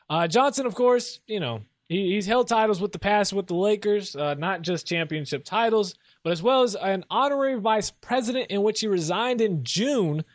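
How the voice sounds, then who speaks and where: A man's voice: high-pitched, no room sound, studio quality. A young man hosting a solo sports show, rambling casually and mocking himself as he rants. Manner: casual, rambling, self-mocking, laughs often. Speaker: sports podcast host.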